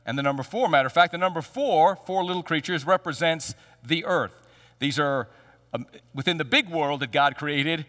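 A man preaching a sermon as pastor. He speaks emphatically, with dramatic pauses and large swings in pitch. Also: sharp tone. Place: large church sanctuary. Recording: long hall reverb.

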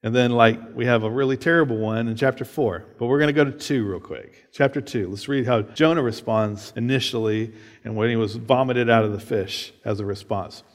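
A man's voice: medium pitch, a little fast, in a large hall. A man preaching a sermon, reading scripture aloud and explaining it in a casual way, often checking in with "right?". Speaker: pastor.

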